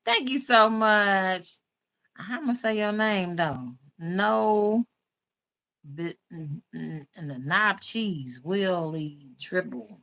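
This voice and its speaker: Bright-voiced chatty woman livestreaming. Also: mid-range voice, slow pace. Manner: chatty and laughing, reads out viewer comments. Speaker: YouTube livestream host. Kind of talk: casual live chat with viewers.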